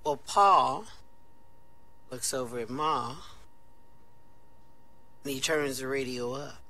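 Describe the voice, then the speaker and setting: A man telling a long joke on stage in a relaxed, chatty way. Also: mid-range voice, slow, low-quality recording. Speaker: amateur comedian.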